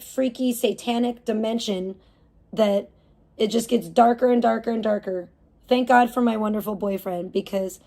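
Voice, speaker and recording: A woman's voice: a little high, vocal fry, warm tone. A woman live streamer in a casual, heated rant, swearing often and rambling with restarts. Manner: profane, heated ranting.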